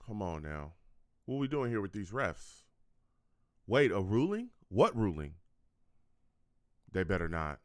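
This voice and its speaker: A man's voice: lowish voice, very animated, unhurried, long pauses, no echo, studio quality. A young man hosting a live football reaction stream, repeating himself a lot, venting at the calls and talking to his chat. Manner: frustrated, repetitive, talks to the chat. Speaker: fan show host reacting to a live game.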